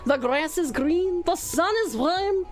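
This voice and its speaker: A woman's voice: very high-pitched, lively intonation, slow, faint music behind, full character voice. A woman voicing a jubilant villager in a mangled mock French accent that drifts toward Russian, proclaiming grandly.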